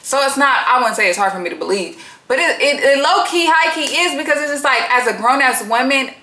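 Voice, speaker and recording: A woman's voice: sits high, brisk, hardly any pauses, reverberant. A woman giving a casual reality TV recap, talking bluntly, swearing freely and often breaking into laughter. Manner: blunt, profane, frequent laughter; chatty, slangy and animated.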